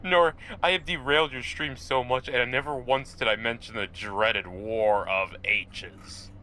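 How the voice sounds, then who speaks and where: Bright, teasing man joking around. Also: medium pitch, fairly even intonation, unhurried, slight background noise, low-quality recording. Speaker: co-player on a stream. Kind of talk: joking casual banter.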